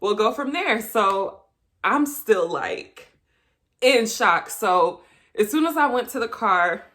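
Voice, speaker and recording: Young woman vlogger, casual storyteller, chatty, laughs often, mid pitch. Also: takes it slowly. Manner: chatty, animated when quoting, laughs often.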